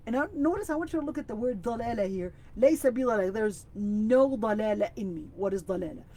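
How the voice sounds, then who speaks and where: A woman teaching an online Quran exegesis class. She explains each word carefully and recites the Arabic passages quickly and with emphasis. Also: mid-range voice, lively intonation, warm tone. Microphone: video call.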